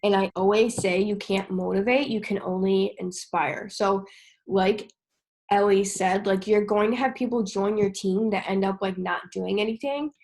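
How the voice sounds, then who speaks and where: A woman's voice: medium pitch, steady tone, moderate pace, a little mellow. A woman hosting a team call, giving a casual, chatty motivational talk. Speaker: call host and team leader.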